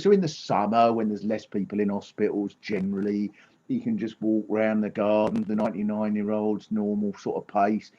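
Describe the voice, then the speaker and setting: A man's voice: on the low side, steady tone, moderate pace, warm tone, muffled recording. A man riffing through a sardonic comic monologue on a video call. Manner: sardonic, riffing, mock-serious. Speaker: comedian guest.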